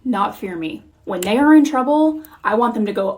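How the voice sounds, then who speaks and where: A woman in her thirties telling a candid, profane, animated parenting story in a vlog. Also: medium pitch, normal speed, few pauses. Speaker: mom content creator. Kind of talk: confessional vlog monologue.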